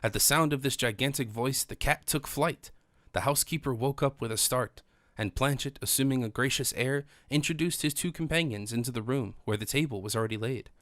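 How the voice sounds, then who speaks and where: A man narrates a classic adventure novel in a steady, measured reading. His voice sits in a middle pitch. The recording is dry and close, with no room sound. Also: dry recording. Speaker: audiobook narrator. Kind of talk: scripted narration.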